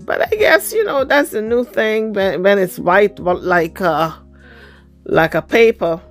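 Sassy, slightly hoarse woman gossiping. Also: a little high, fairly bright tone. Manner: sassy, chatty, slangy, blunt. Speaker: gossip commentator. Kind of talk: casual celebrity gossip commentary.

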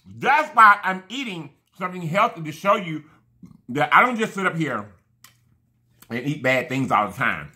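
A man's voice: a little high, very animated, normal speed. Effusive man rambling to his viewers. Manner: warm, effusive, rambling, thanks viewers often. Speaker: mukbang vlogger. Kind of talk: casual chat to camera while eating.

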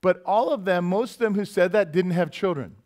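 A middle-aged man preaching in a church sanctuary with a slightly high-pitched voice. He keeps it conversational and full of jokes, often dropping into little quoted voices. The tone is that of a pastor chatting with his congregation. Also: darkish tone. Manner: conversational, joking, quick shifts into quoted voices. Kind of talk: sermon.

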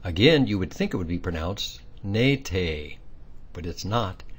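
A language teacher with a low, slightly rough voice speaks briskly and very animatedly in a recorded pronunciation lesson. He still explains patiently, step by step, dropping in small quiz questions.

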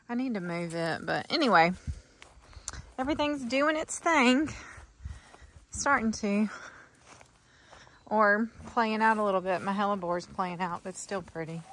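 A woman's voice: medium pitch, a bit bright. A middle-aged woman, chatting casually to her viewers in a rambling vlog from outdoors on a farm. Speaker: farm vlogger. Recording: faint outdoor noise.

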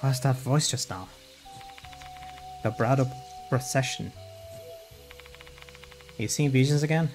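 A man reads a horror game's text aloud as a streamer, keeping an even, middle-pitched voice with no put-on voices for the characters. He stops now and then for short remarks of his own before going back to the text. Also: faint music behind. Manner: reads dialogue and narration plainly, breaking off for quick reactions. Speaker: streamer playing a horror visual novel. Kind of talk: reading game text aloud with commentary.

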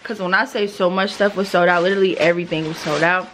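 A young woman vlogging in a casual, excitable way, repeating herself for emphasis. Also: lowish voice, fast. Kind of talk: casual vlog talk. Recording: noisy background.

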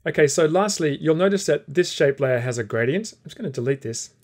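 A man teaching a software tutorial, calmly explaining each step while he clicks through the program. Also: fairly high pitch, brisk. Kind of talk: screen-recorded software tutorial.

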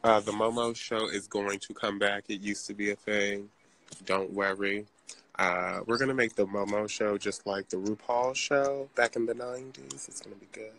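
A man's voice: lowish voice, steady tone, moderate pace, creaky, fairly bright tone. A man, a drag performer, chatting casually and sassily to viewers on a live stream while shopping in a large craft store, talking into a handheld phone. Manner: chatty, sassy, addresses viewers as y'all.

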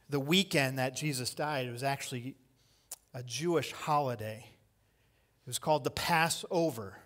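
A pastor with a mid-range voice preaches at a measured pace. His sermon swings between impassioned shouts and quiet lines, with key phrases repeated for emphasis.

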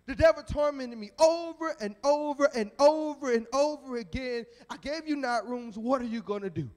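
A man voicing an exasperated homeowner who pleads loudly with his houseguest. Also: very high-pitched, expressive, normal speed, pitched above the performer's own voice. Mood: livid. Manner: pleading, loud and rising. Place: church sanctuary. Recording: echoey church sanctuary.

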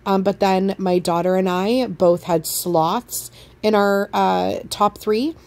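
A woman's voice: medium pitch, steady tone, slow pace, creaky, darkish tone. A woman, a mother, narrating a family travel vlog in a chatty, enthusiastic way as she recommends an outing. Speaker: vlogger, mother on a family trip.

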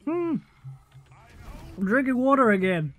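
Excitable man streaming a game. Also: very high voice, takes it slowly, faint music behind. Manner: excitable, jokey, exclaims and laughs often. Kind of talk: live gameplay commentary.

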